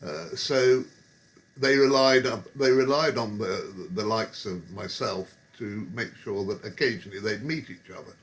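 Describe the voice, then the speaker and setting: A man's voice: lowish voice, a little slow, a bit bright. A man telling rambling, wry pub anecdotes with chuckles and digressions. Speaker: storyteller.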